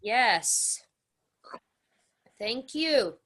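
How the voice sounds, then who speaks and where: Very slow, bright-voiced woman teaching grammar. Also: fairly high pitch, sing-song. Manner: drills phrases with repetition and exaggerated question intonation. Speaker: English teacher. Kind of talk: slow classroom grammar lesson.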